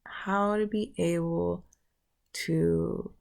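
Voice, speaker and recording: Woman, gravelly voice, lowish pitch, casual spiritual talk, thinks aloud. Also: fairly even intonation, drawn-out words, a little mellow. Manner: loose, searching, thinks aloud. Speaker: vlogger.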